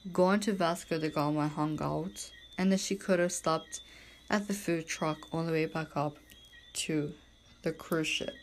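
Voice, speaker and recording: A woman's voice: on the low side, slight background noise. A woman from Bermuda, hosting a podcast in a rambling, emphatic casual monologue. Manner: rambling and emphatic, heavy use of "like" and "literally". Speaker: podcast host.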